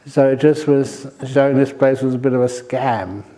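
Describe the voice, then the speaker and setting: Mellow-voiced older man giving a dharma talk. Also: mid-range voice, normal speed. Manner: humorous storytelling, relaxed and chatty. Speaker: meditation teacher. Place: retreat centre hall.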